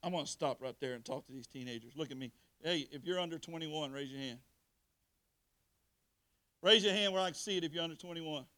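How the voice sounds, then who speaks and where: A man's voice: fairly high pitch, fairly quick, bright, forceful tone. A male pastor preaching a sermon, calling out to his congregation and getting them to respond in colloquial, straightforward talk. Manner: colloquial Southern speech.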